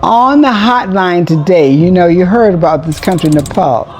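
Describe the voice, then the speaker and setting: A woman's voice: on the low side, animated, normal speed, darkish tone. A woman host giving a rambling, chatty commentary monologue with exclamations and asides.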